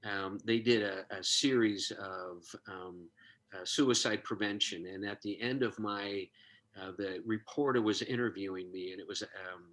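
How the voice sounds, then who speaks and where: A man's voice: lowish voice, fairly even intonation, unhurried, fairly bright tone. A man telling a heartfelt story in conversation, earnest and moved, acting out the dialogue he recounts. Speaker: guest, suicide prevention expert.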